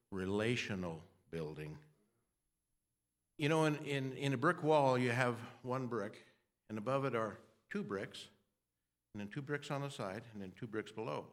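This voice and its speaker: An older man preaching a sermon in a rambling, self-deprecating way, with restarts and throat clearing. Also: mid-range voice, fairly bright tone.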